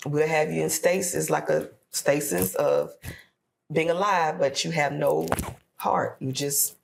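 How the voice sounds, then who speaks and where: Gravelly-voiced woman telling her story. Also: low voice, fairly even intonation, unhurried, slight background noise. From Florida, US. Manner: emotional storytelling, acting out prayers and quotes. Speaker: podcast guest. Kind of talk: personal story on a podcast.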